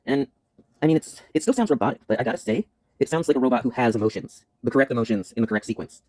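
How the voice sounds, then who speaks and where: A man's voice: mid-range voice, racing, darkish tone, dry recording, low-quality recording. A man explaining things casually on a vlog, rambling and self-interrupting, with many fillers. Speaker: YouTuber.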